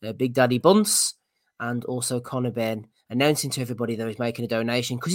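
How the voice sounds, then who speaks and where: A man hosting a boxing podcast, calmly running through a list of items. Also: mid-range voice, fast, no echo, studio quality. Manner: easygoing, runs through the segment list. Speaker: podcast host. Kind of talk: casual boxing chat.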